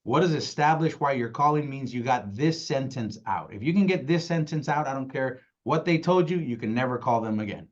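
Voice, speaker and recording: A man with young kids, giving an energetic, casual sales training talk, acting out phone calls and often asking "right?". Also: medium pitch, brisk, hardly any pauses, lo-fi sound. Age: adult with young kids. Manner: energetic, acts out calls in quoted voices, keeps asking "right?".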